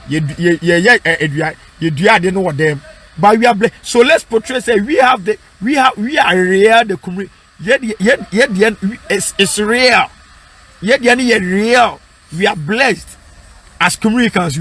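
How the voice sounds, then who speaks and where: A Ghanaian-accented evangelist with a high, fairly bright voice does street-style preaching and advice, mixing English with Twi. He's emphatic, repeating lines and asking "What I say?" so listeners echo his points back.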